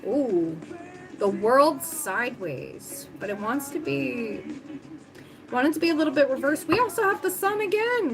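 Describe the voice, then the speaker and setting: A woman's voice: sits high, rough recording. A woman giving a livestream tarot reading, talking casually and thinking aloud with lots of fillers. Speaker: tarot reader. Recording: music playing under the voice.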